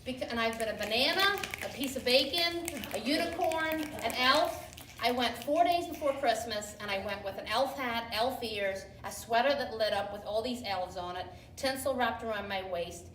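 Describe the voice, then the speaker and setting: A woman's voice: on the high side, lively intonation, moderate pace, a bit bright, a little hiss or hum. A woman telling her own story to a workshop in a funny, profane way, often laughing, recorded from a distance in an echoey room with background ambience. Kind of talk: comedic personal storytelling.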